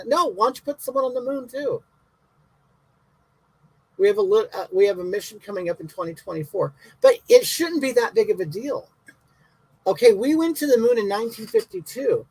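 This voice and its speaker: A man's voice: high voice, slightly rough, dry recording, exaggerated voice, poor audio. A man playing a brash, bigoted elderly woman who answers viewers' comments in a comic livestream, talking in blunt, indignant, rambling rants.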